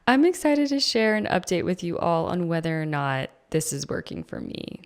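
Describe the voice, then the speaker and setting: A woman's voice: lowish voice, big pitch swings, normal speed, few pauses. A young mother in a groggy morning voice, chatting casually about planning as a vlogger. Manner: rambling, chatty, with fillers. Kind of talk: casual chat.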